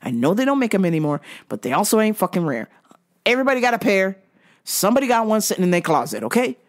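A woman's voice: medium pitch, quick pace. A woman hosting her own show, delivering a profane comedic rant. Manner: profane, animated ranting. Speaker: vlog host.

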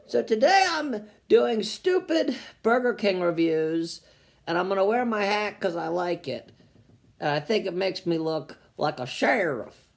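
A man's voice: high-pitched, expressive, unhurried, vocal fry. A male comedian in a vlog, reading online comments aloud and mocking them sarcastically.

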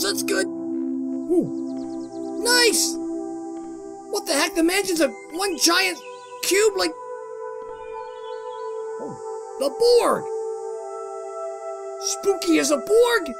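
High-pitched gravelly guy yelling through a horror game, slow drawn out talk, music playing behind. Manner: excitable, jokey, exclaims and talks to himself. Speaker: gamer doing a playthrough. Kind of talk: let's play commentary.

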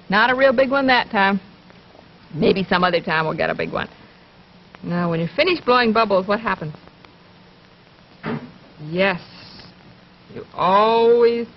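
A woman hosting a children's television show, speaking gently to young viewers, asking questions and pausing for answers, and reading poems aloud. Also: mid-range voice, slight background noise. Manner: gentle, coaxing, asks questions and pauses for answers. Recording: dull lo-fi 1950s television recording.

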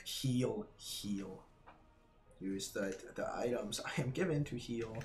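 A man's voice: fairly low pitch, slow pace, background noise. A man streaming a hard game live, swearing and laughing, his voice cracking. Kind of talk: live gameplay commentary.

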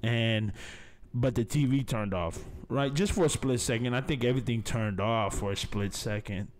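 A man's voice: mid-range voice, moderate pace. A young man, hosting a podcast and telling a story in a casual, profane, laid-back way, peppering it with "man" and "baby". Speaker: podcast host.

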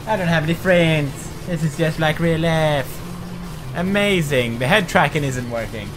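A man's voice: a little high, normal speed. A man commenting on a horror game as he plays, nervous and joking, swearing as he goes. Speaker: gaming commentator. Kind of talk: let's play commentary.

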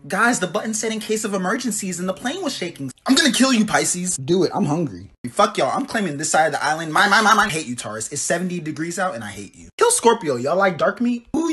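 A performer in a comedy skit, trading brash, profane banter between many characters, with sudden leaps in pitch and loudness.

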